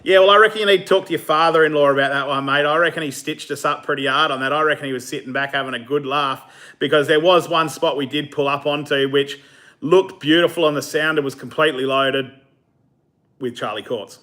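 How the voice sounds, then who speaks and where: A man's voice: a little high, steady tone, fairly quick, bright, forceful tone. A man hosting a fishing channel, chatting casually on a live stream, answering viewer comments with easy laughs. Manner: casual, chatty, laughs easily, many fillers.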